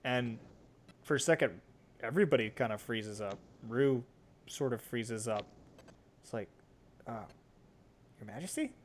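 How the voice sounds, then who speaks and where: A man narrating a tabletop game as game master, talking in a relaxed, casual way. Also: medium pitch, measured pace, long pauses, a little hiss or hum. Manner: relaxed, casual, many fillers.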